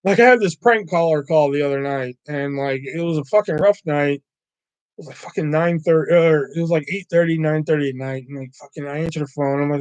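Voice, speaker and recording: A man's voice: on the high side, fairly quick, clear, resonant tone, no echo, lo-fi sound. A man on a livestream telling rambling, profane stories, often acting out callers. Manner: profane, rambling, quotes callers in shifting voices. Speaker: livestream host. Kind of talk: casual storytelling chat.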